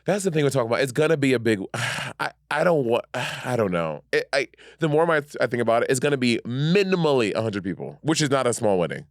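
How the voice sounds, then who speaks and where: A man's voice: mid-range voice, sing-song, quick pace, hardly any pauses, dry recording, clean studio sound. Laughing, playful male podcast co-host. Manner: laughs often, playful, rambling. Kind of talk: casual chat.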